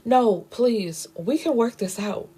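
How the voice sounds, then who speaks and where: A woman's voice: a little high, expressive, slow, dark tone, husky, pitched above the performer's own voice, exaggerated voice. A woman voicing a spoiled wife who pleads and defends herself while recapping a story. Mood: pleading.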